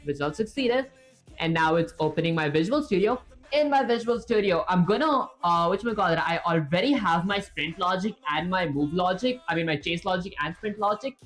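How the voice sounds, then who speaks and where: Coding live, a woman keeps up casual commentary for her viewers in a fairly low, expressive voice at a brisk pace. She rambles, fills pauses with filler words, and thinks aloud to herself. Soft background music plays, and she's using a streaming setup with a webcam.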